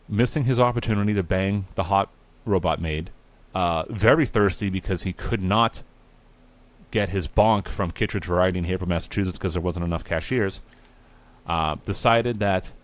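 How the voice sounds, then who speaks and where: A man's voice: lowish voice, dry recording. A man hosting a podcast, improvising a crude comic story in a rambling, profane way and laughing at his own jokes. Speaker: podcast host. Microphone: remote recording.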